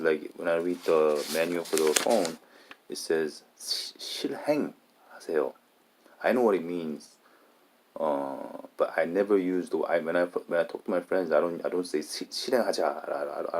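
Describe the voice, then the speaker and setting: A man in a casual monologue, talking haltingly and often restarting and repeating his words. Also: rumbling low, noisy background.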